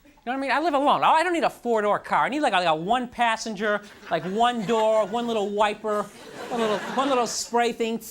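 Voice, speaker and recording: A man performing a stand-up comedy routine on a club stage, ranting in an animated, self-deprecating way into a handheld mic. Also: sits high, brisk. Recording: live club recording with audience noise.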